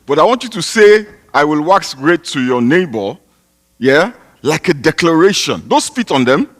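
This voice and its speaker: A pastor from Nigeria, out of breath, preaching a sermon in a church hall with a chatty, joking manner that rises to loud, emphatic declarations. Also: male voice, on the high side, very animated, normal speed. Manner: chatty, joking, breaks into laughter.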